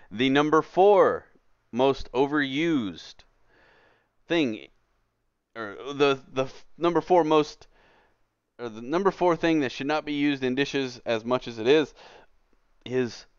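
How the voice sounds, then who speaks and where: A man's voice: mid-range voice, lively intonation, slow, pauses often, smooth, no room sound. A man streaming a game who rants in an exasperated, emphatic casual way from his computer, on a dull lo-fi recording. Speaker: gaming streamer. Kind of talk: casual ranting commentary while gaming. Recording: dull lo-fi dry sound.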